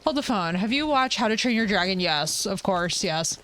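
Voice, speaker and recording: A woman's voice: mid-range voice, animated, moderate pace, a bit bright, slight background noise. A woman streamer from the United States chatting playfully while she plays a video game live and reads out viewer messages. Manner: playful, chatty, reads chat aloud, teasing jokes. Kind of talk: casual live gameplay chat.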